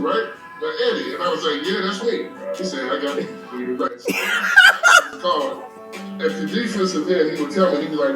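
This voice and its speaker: A man's voice: a little high, moderate pace. Candid man telling a story, very echoey. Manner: candid, says "man" a lot. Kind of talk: casual storytelling. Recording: very echoey clip with music.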